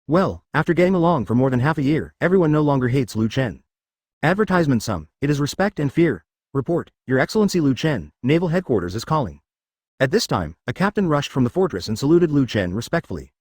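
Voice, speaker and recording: A male synthetic voice narrating an audio story in an even, mechanical reading with odd misreadings. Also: medium pitch, brisk, dry recording, clean studio sound.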